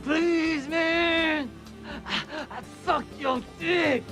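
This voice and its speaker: A pushy grown man beggar whines for change in a very high, gravelly voice, played by a man in a comedy clip. His words come out slow and drawn. Clear music plays under him. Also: full character voice. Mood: pleading.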